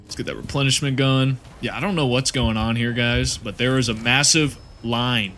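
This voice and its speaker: A man's voice: medium pitch, steady tone, normal speed, a bit bright, faint music behind. A man chatting casually to his viewers on a live stream while playing a game, rambling, laughing and swearing freely.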